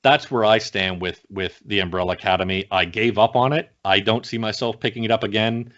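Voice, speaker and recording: A man's voice: on the low side, steady tone, a little fast, a bit bright. Guy ranting about tv shows, swears a lot, restarts sentences, bit dull lo-fi sound. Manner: blunt and profane, rants with restarts. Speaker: podcast co-host. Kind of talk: casual chat. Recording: slightly dull lo-fi home recording.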